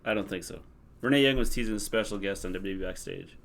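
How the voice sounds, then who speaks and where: A man co-hosting a wrestling recap livestream in casual chat, offering measured, hedging opinions. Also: fairly low pitch. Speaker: co-host of a wrestling recap stream.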